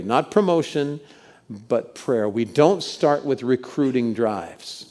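Mellow-voiced male pastor preaching. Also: mid-range voice, lively intonation, slow. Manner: storytelling, leads the congregation in call-outs. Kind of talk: sermon. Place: church sanctuary with congregation.

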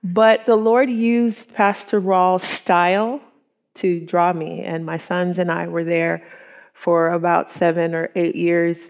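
A middle-aged woman shares her testimony with a women's group. She speaks slowly and earnestly in a fairly low voice, chatty, with ums and quoted thoughts. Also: fairly even intonation, gravelly.

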